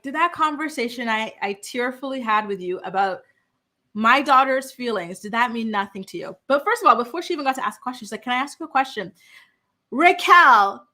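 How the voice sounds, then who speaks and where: A woman's voice: on the high side, pushed and bright. A young woman giving a sassy, gossipy recap of a reality show, full of fillers and asides. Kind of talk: casual recap commentary.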